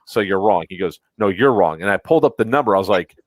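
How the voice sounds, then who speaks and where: A man's voice: fairly low pitch, lively intonation, fast talker, no room sound, rough recording. A man in his thirties hosting a podcast, telling a story in an exasperated, casual way and acting out both sides of the dialogue. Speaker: podcast host. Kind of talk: casual chat.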